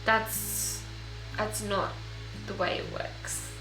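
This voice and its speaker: A young woman recording a personal video diary, speaking in an emotional, halting way while tearful. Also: mid-range voice, little pitch movement. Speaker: vlogger. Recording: echoey room with faint music.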